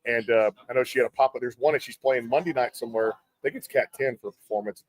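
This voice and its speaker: A man's voice: mid-range voice, fast, low-quality recording. A man hosting a live radio interview at a music festival, upbeat and rambling with fillers. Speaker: radio show host.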